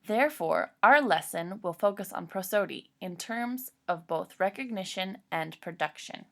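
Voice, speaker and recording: A woman's voice: mid-range voice, lively intonation, normal speed, gravelly. A woman giving a formal, scripted academic presentation about a lesson plan.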